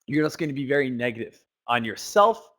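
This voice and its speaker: A man's voice: medium pitch, animated, a little fast, a bit bright. A young man giving a casual day-trading lesson, talking freely with lots of "you know" fillers.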